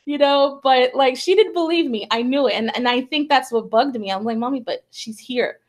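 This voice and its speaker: A woman's voice: sits high, brisk. A woman hosting a talk show, telling a personal story in a chatty way, full of fillers, and acting out the quoted voices. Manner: chatty, heavy on 'like' and 'you know'. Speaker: show host and psychic medium. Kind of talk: casual storytelling chat.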